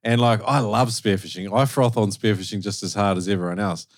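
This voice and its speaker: A man's voice: fairly low pitch, steady tone, brisk. An Australian man hosting a casual podcast interview, laid-back and slangy. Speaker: podcast host.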